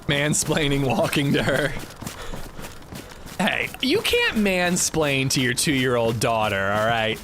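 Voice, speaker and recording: Lively joking man streaming a game. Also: mid-range voice, takes it slowly, noisy background. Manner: animated, joking storytelling. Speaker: gaming livestream host. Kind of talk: casual chat while playing.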